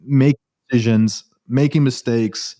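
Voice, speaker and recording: A man's voice: medium pitch, unhurried. A man in his forties, a cardiologist guest, telling his story in a casual interview, quoting himself often and restarting sentences. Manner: animated, quotes himself often, frequent restarts. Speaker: cardiologist and real estate investor guest.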